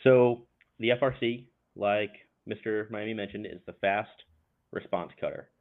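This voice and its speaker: A man talking as a podcast guest in an earnest, measured way. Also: fairly low pitch. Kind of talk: casual chat and prepared explanation. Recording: tinny phone line.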